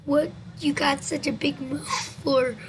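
A woman's voice: high-pitched, steady tone, measured pace, a little hiss or hum. A woman voicing a frightened boy who stammers his questions. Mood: scared. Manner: stammering, nervous.

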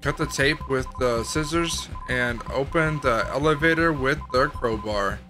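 A man voicing a helpful male game companion who lays out escape plans, reading quickly. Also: medium pitch, over music, close to an everyday voice. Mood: urgent.

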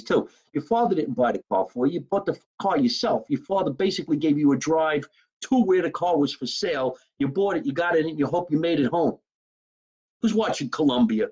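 Husky man from New Jersey, brash profane comic chatting live from his kitchen. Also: a little high, darkish tone, low-quality recording. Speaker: comedian hosting a live stream. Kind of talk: casual live-stream chat. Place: home kitchen.

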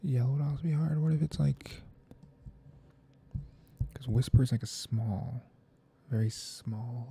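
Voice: mid-range voice, steady tone, normal speed, vocal fry, long pauses, dark tone, slight background noise. A gaming video creator thinks aloud while playing, rambling and often sliding into half-whispered muttering. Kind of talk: soft-spoken gaming commentary.

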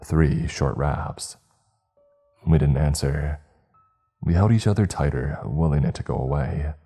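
A man narrating a horror story in slow, grave, scripted style. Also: a bass voice, dark tone, husky, faint music behind.

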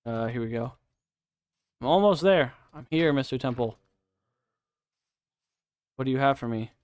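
A man's voice: medium pitch, a little slow, darkish tone, clear, resonant tone, no echo, studio quality. A man giving casual, profane live commentary while playing a game, chatting to himself and his viewers. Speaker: streamer.

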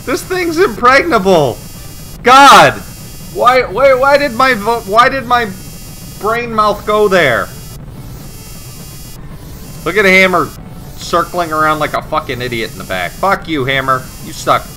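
A man giving profane, sarcastic, excitable commentary while playing a video game. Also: high voice, measured pace, pauses often, soft background music. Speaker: let's play host. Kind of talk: gameplay commentary.

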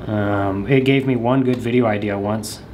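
A man's voice: fairly low pitch, steady tone, normal speed, a little mellow, slight background noise. A man vlogging casually at home, rambling with lots of hesitant ums and jokey asides. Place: at his house.

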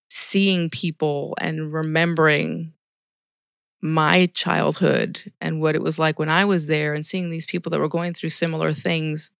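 A woman's voice: deep voice, gravelly, a bit bright, no room sound, clean studio sound. A middle-aged woman, a ministry volunteer, telling stories earnestly in a casual podcast interview. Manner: earnest storytelling with quoted dialogue.

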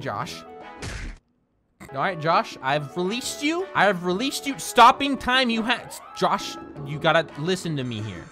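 A man's voice: high voice, bright, forceful tone. A man doing comedic, playful gameplay commentary, teasing and giggling as he plays. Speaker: gaming YouTuber.

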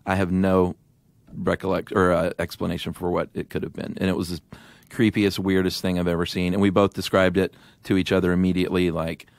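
Man, middle-aged, very deep voice, dry sound, casual animated storytelling, podcast co-host. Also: fairly quick, no room sound. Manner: animated storyteller with restarts and laughs.

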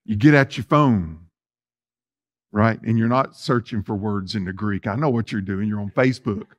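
A man preaches a folksy sermon, addressing the congregation directly and alternating between loud emphasis and soft asides. His voice sits fairly low and he speaks at a normal speed.

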